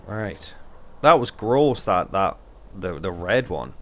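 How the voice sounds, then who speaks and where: A man's voice: deep voice, animated, slow, fairly bright tone. A young Geordie man giving joking, chatty game commentary with casual swearing, talking into a desk mic. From North East England. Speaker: gaming YouTuber.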